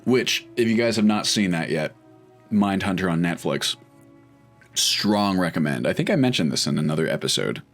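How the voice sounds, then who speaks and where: A man's voice: deep voice, animated, normal speed, faint music behind. A man casually commenting while playing a video game, chatty and wry, thinking aloud as he goes. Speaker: let's play host.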